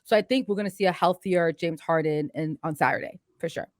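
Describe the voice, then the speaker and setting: A woman guesting on a casual sports podcast, talking fast and emphatically with lots of "like" and restarts. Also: on the low side, a little mellow, no room sound, studio quality. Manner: fast, emphatic, many repeated starts and "like"s.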